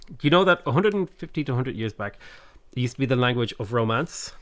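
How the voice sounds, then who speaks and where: A man's voice: medium pitch, expressive, fast talker, a bit bright. Tired-voiced joking male streamer. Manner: joking, reads chat aloud, hums tunes. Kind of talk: casual livestream chat while gaming.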